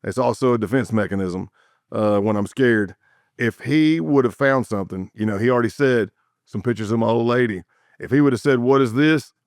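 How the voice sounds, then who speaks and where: A man's voice: mid-range voice, a little fast, no echo, studio quality. A man who was once an undercover agent tells his stories in a podcast interview, vividly and with sound effects and repeated words. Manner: vivid, animated storytelling with sound effects and repetitions.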